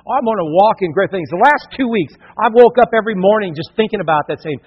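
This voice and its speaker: Middle-aged man, pastor preaching, husky high voice, dull recording with long hall reverb. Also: fast talker, few pauses. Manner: animated preaching, acts out quoted voices. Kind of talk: sermon. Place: church hall.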